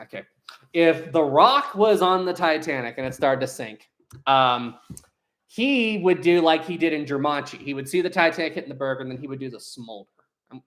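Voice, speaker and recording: A livestream host chatting casually, reading chat aloud, laughing often and trailing off while hunting for words. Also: mid-range voice. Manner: hesitant, lots of fillers while searching for words. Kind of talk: casual live stream chat.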